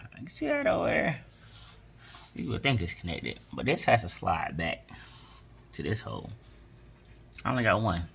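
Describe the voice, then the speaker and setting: A man's voice: sits low, vocal fry, bright, forceful tone, slightly rough. Laid-back, slangy car vlogger man. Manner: laid-back slangy talk aimed at viewers. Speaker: car DIY channel host. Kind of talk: casual how-to vlog.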